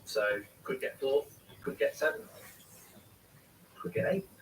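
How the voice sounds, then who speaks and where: A man hosting a casual live watchalong, rambling through his thoughts and reading viewer questions aloud before answering them. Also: slow. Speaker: live-stream host. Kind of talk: casual match watchalong chat. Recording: distant mic with steady background noise.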